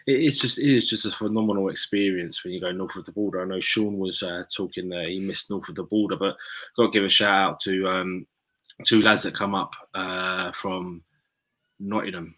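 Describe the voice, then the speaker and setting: A man's voice: sits low, fairly even intonation, fairly quick, pushed and bright. A man from England hosting a chat, telling a story in an earnest, rambling way. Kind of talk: casual chat.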